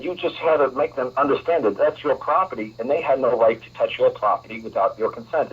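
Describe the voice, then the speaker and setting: A man's voice: mid-range voice, breathy edge. A man hosting a talk radio show, lecturing a caller in an emphatic, repetitive way. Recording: muffled lo-fi radio broadcast.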